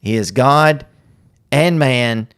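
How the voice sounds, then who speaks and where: A man hosting a podcast, explaining church history and theology in a casual teaching chat with quick asides. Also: mid-range voice, fairly bright tone, smooth, no room sound, clean studio sound.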